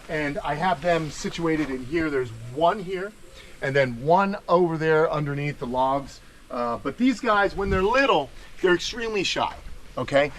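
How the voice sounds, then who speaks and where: A man hosting a casual, enthusiastic walking tour of outdoor animal enclosures, talking with lots of fillers. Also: medium pitch. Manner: chatty and enthusiastic, many fillers. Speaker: reptile sanctuary owner and host.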